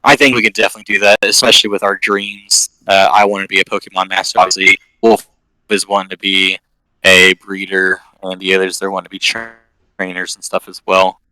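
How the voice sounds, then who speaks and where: Dude voicing an earnest young trainer guy, lowish voice, dry close sound. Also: flat delivery, sharp tone, clear, resonant tone, dry recording, rough recording. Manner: earnest, talks quickly with fillers. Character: young male trainer, eager and friendly.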